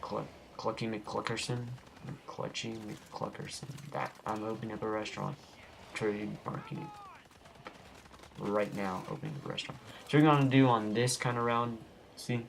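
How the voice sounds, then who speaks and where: This young man's lowish, vocal-fry voice carries casual, meandering commentary over footage of his own gameplay. As host of a gaming channel he's goofy and wanders off topic easily, and the home recording has some faint background noise.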